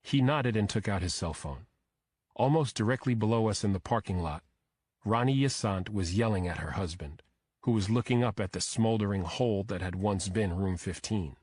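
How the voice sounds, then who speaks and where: A man narrating a first-person crime thriller audiobook in a steady, measured way. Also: fairly low pitch, slightly rough, no room sound.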